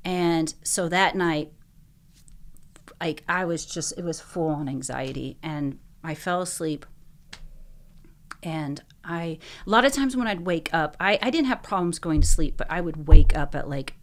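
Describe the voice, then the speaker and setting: A woman with a low voice for her sex speaks as a podcast guest, telling her own story. She sounds earnest and emotional, and she fills her speech with a lot of likes and you-knows. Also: animated, measured pace, a little hiss or hum. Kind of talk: personal storytelling in a podcast interview.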